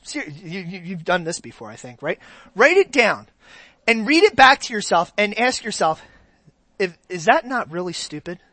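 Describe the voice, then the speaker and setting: A preacher giving a sermon in an animated, conversational way, often repeating phrases for emphasis. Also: mid-range voice, moderate pace, no echo.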